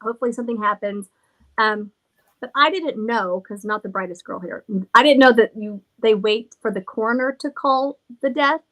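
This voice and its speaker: A woman's voice: fairly high pitch, normal speed, fairly bright tone. A middle-aged woman who owns a haunted house, rambling through stories in casual chat, laughing and swearing freely. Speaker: haunted villa owner.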